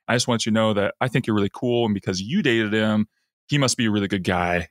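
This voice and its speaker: Podcast co-host, male, low-pitched, lively storyteller, dry recording. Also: fairly quick, no echo. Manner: animated retelling, acting out lines in a raised voice. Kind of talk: casual chat recapping an episode.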